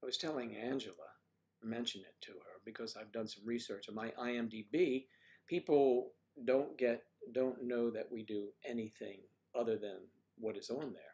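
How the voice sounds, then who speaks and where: An older man hosting a livestream, chatting casually and rambling, thinking aloud with frequent pauses. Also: mid-range voice, a little mellow. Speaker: livestream host.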